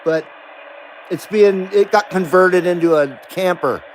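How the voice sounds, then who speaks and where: A middle-aged man with a fairly high voice rambles casually through a live radio stream. He talks in a loose, laid-back way and swears freely. A faint hum sits behind him. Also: measured pace, rough recording. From Nevada, US. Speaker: CB radio livestream host.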